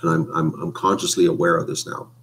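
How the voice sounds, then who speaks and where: A man chats on a home live stream over a webcam mic. His voice sits somewhat low, and he rambles, trailing off into fillers as he talks. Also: level tone, brisk, a bit bright. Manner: rambling, hesitant with many fillers. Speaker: vlogger. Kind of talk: casual live stream chat.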